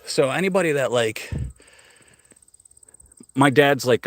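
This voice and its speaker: A middle-aged man strolls outdoors through a cemetery, live-streaming from his phone and chatting with viewers in a curious, meandering way. His mid-range voice has lively intonation and an unhurried pace with long pauses, and he's a little short of breath. The sound is dry and close, free of room echo.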